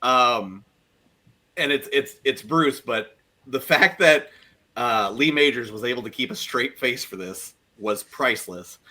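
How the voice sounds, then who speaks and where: A man co-hosting a podcast in casual chat, excited and stumbling over repeated words as he retells scenes. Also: medium pitch, measured pace. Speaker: podcast co-host.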